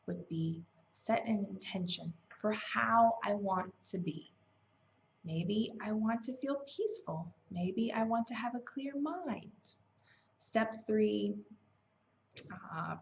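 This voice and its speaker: A woman's voice: mid-range voice, gravelly. A woman hosting a self-help challenge, talking in a casual, conversational way with fillers and self-corrections. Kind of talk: casual motivational teaching. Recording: slightly dull, lo-fi sound.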